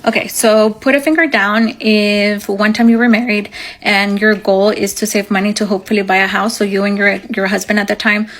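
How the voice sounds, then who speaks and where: A woman's voice: mid-range voice, fairly even intonation, fairly quick, fairly bright tone. A young woman telling her own story in a casual, chatty way, full of ums and likes. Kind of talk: storytime in second person.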